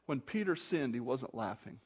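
A man preaching an expository sermon, moving between quiet asides and loud, forceful outbursts. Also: medium pitch, expressive, normal speed, husky. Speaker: pastor.

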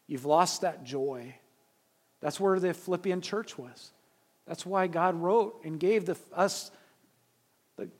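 A man preaching a sermon as pastor, emphatic, swinging between loud urging and quiet asides, often repeating and restarting his words. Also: sits high.

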